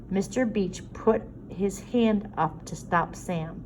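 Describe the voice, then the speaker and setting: A woman narrating a story aloud in a steady reading voice. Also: mid-range voice, slow pace, slight background noise, low-quality recording. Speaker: audiobook reader.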